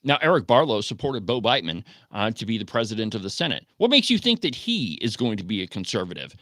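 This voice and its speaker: Animated, emphatic male radio host. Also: on the low side, quick pace, dry recording, studio quality. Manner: emphatic, animated, rhetorical questions. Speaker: political talk radio host. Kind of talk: opinionated call-in radio commentary.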